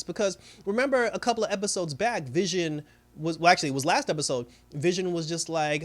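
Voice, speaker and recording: A man's voice: high voice, expressive, a little fast, a bit bright. A man giving a casual recap of a TV episode, rambling along with many fillers. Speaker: TV show reviewer.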